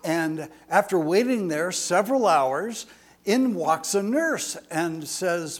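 A man's voice: high voice, animated, takes it slowly. An older man in his sixties preaching a folksy sermon, chatty and rambling, with jokes and asides.

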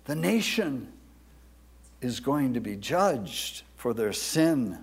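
A male pastor preaching a sermon in a dramatic way, swinging between loud declaiming and hushed near-whispers and stretching out words for emphasis. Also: medium pitch, big pitch swings, takes it slowly, breathy edge.

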